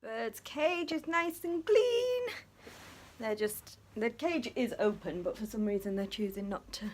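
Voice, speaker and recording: A woman's voice: lively intonation, measured pace. A middle-aged woman chatting casually to camera in a daily vlog, sometimes cooing at her pet birds. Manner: chatty, talks to her pet birds in a high sing-song voice. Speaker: vlogger.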